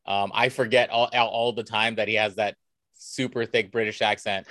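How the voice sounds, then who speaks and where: A man's voice: fairly low pitch, flat delivery, moderate pace, pushed and bright, dry recording. A man from the United States, a cosplayer guest, chatting casually and telling anecdotes with enthusiasm. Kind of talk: casual conversational storytelling.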